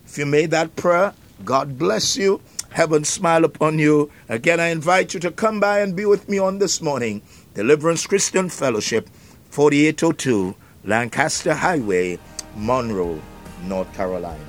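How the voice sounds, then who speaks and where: A man's voice: on the high side, lively intonation, normal speed, faint music behind. A man preaching an Easter sermon as pastor, fervent, breaking into exclamations of praise between phrases.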